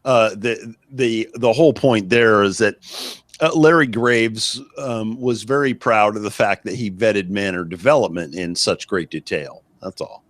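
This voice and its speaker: Low-voiced man, halting casual commentary. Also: dry recording, clean studio sound. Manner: halting, hesitant, with fillers. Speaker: local news show co-host.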